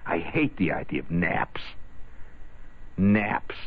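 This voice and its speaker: A husky-voiced man spins a rambling, sardonic comic story in a low voice that swings up and down with animation. The sound is tinny and phone-like, like an old radio broadcast. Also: expressive, normal speed.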